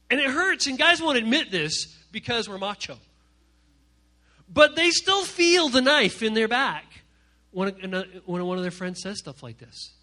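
A man preaching to a youth group from a stage, animated and joking as he acts out the voices of the people he quotes. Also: extremely high pitch, measured pace. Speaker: youth pastor. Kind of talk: energetic comic sermon to a youth group. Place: stage before a live audience.

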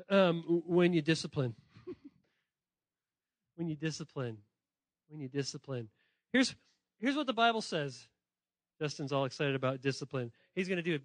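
A man preaching a lively, playful sermon to children and students, often calling on listeners and correcting himself as he goes. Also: a little high, no echo. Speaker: pastor speaking to children and students. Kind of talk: lively sermon addressed to kids.

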